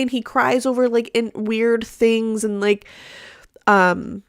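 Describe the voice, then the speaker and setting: A woman's voice: medium pitch, steady tone, normal speed, no echo, clean studio sound. A woman hosting a casual live chat, rambling along with many fillers and restarts. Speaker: host; mother.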